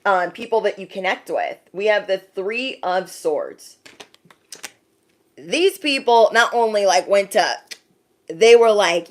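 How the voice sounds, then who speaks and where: Woman doing a tarot reading to cam, chatty bestie vibe, does little silly voices for quotes. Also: medium pitch. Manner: chatty, calls the viewer bestie; slips into exaggerated quoted voices. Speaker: tarot card reader. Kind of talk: spiritual tarot reading to camera.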